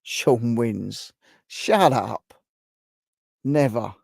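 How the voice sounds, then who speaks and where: A man hosts a relaxed live stream, answering viewers' comments one by one. His voice is gravelly and sits at an ordinary pitch. The sound is dry and close, with no room around it. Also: moderate pace, dry recording. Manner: chatty, reacts to viewers' guesses. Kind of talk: casual chat reading out viewer comments.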